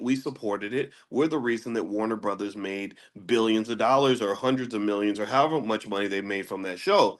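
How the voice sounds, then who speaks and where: A man of ordinary pitch holding forth in a relaxed livestream lesson. He hammers his points with rhetorical questions and stumbles over repeated words. When he gets worked up, his voice leaps sharply upward. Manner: emphatic, asks rhetorical questions; jumps to a high pitch when making a point. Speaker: host of a daily finance class. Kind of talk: casual livestream lecture.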